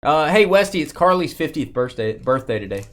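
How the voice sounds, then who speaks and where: A man's voice: fairly high pitch, very animated, a bit bright. Guy running a card break stream, rattles off names and teams, cracks jokes. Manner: reads names and teams in quick bursts, joking asides. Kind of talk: live card break chat.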